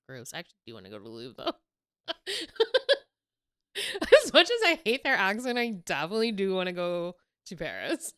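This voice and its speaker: A young woman co-hosting a podcast in casual chat, animated and laughing often. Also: fairly low pitch, brisk, clean tone, no echo. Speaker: podcast co-host.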